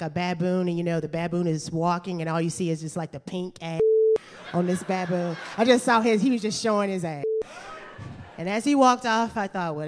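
A woman telling a funny true story on stage, chatty and animated, laughing through her lines. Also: fairly low pitch, a little hiss or hum. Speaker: storyteller and stand-up comedian. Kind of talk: live comedic storytelling. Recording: reverberant hall.

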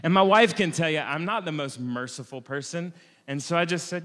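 American male storyteller, lively and self-mocking, somewhat high voice, long reverb. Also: brisk. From United States. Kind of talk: comic personal travel anecdote.

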